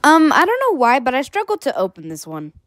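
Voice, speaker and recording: Woman, bubbly chatty unboxing vlog, lively up-and-down voice, fairly high, faint music behind. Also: brisk, a little hiss or hum. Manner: bubbly and chatty, giggly asides. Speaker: toy reviewer.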